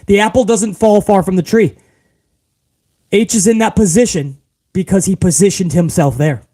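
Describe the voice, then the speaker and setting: A man with a fairly high voice hosts a casual live stream, reading viewer comments aloud. He rants with heavy profanity and keeps calling his audience bro. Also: a little mellow.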